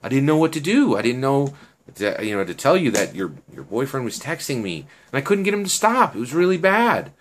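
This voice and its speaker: A man's voice: medium pitch, very animated, fairly quick, a little hiss or hum, pitched above the performer's own voice, close to an everyday voice. A man voicing Annie, an anxious, sorry teenage girl, in a told story, talking in a rush.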